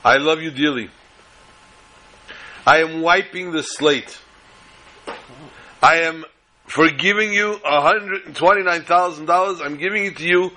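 A man voicing a kindly, wealthy older male lender who speaks in a measured, fatherly way. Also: fairly high pitch, bright, forceful tone, rough recording.

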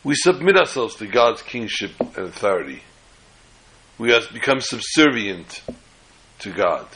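A man's voice: fairly low pitch, big pitch swings, unhurried, pushed and bright, rough recording. A man giving a Torah class lecture, explaining step by step and often restarting or rephrasing words mid-sentence. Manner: tells jokes as illustrations. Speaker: Torah teacher.

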